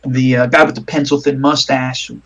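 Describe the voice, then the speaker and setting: A man's voice: medium pitch, level tone, brisk, fairly bright tone, slightly rough, muffled recording. A man narrating a tabletop game as game master, rambling with many fillers.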